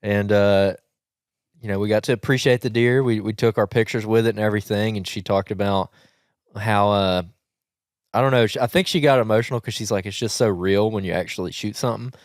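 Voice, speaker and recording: A man with a Southern US accent hosting a podcast, telling a hunting story in rambling, animated casual chat with frequent laughs. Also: fairly low pitch, brisk, smooth, no room sound, clean studio sound. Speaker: podcast host.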